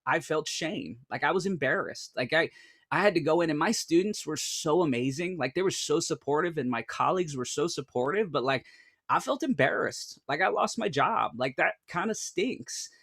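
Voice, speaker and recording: A man in his thirties telling a group an earnest personal story, animated and full of restarts and "like". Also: fairly high pitch, moderate pace, no room sound, clean studio sound. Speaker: speaker.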